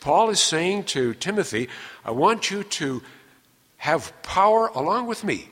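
Man teaching scripture, fairly high, animated voice, long hall reverb. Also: measured pace. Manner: earnest, explanatory, stresses key words. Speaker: Bible teacher. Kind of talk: expository Bible teaching.

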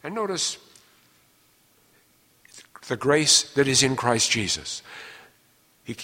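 A man's voice: mid-range voice, big pitch swings, slow pace, sharp tone. A man teaching through a Bible passage, earnest and explanatory, stressing key words as he explains them. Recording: long reverb of a large hall.

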